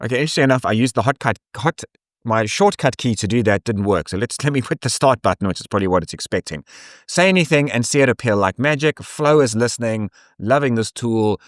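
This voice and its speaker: A man with an English South African accent, giving a casual, thinking-aloud software review full of ums and restarts. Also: on the low side, fast talker, no room sound, clean studio sound. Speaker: tech reviewer.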